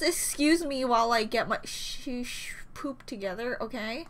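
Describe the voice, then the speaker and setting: A woman's voice: high voice, moderate pace, few pauses, sharp tone. A woman reacting to music content as a fan vlogger, rambling giddily between squeals and laughs. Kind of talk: excited fan reaction chat.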